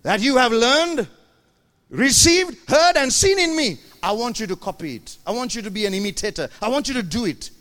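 Lively high-voiced man preaching. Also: moderate pace. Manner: animated preaching, acts out congregation voices, playful asides. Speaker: pastor. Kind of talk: sermon. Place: church.

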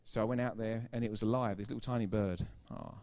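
A middle-aged pastor with a lowish, slightly mellow voice preaches fast. His sermon is emphatic and informal, repeating key phrases for effect and tossing chatty asides to the congregation.

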